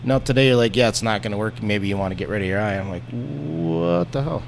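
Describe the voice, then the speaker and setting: A man telling a story in a casual podcast chat, animated and profane, acting out the people in it. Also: lowish voice, rapid-fire, slight background noise. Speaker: podcast guest.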